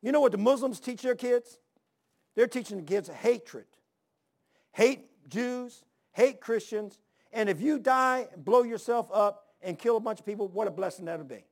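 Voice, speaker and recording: A man's voice: high-pitched, measured pace. A middle-aged male pastor preaching a sermon, telling stories and firing rhetorical questions with emphasis.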